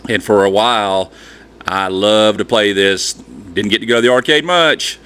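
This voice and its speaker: Hosting a retro gaming channel, a man reminisces in a nostalgic, casual monologue that's rambling, chatty, and folksy. His voice is on the low side, a bit bright, and he speaks at a measured pace.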